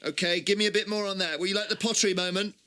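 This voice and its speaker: A man presenting a radio phone-in, lively and quick to react to his callers. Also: high voice.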